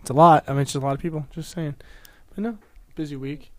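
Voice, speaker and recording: A man speaks quickly and with animation, his voice sitting a little high. He tells a story in a casual podcast chat, swearing freely as he acts out an argument. The talk is loose and energetic. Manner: animated, profane, retells arguments.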